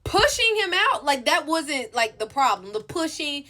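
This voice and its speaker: Bright-voiced woman telling a blunt storytime. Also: high voice, very animated, unhurried. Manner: candid, profane, addresses viewers directly. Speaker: storytime vlogger. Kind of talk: casual storytelling.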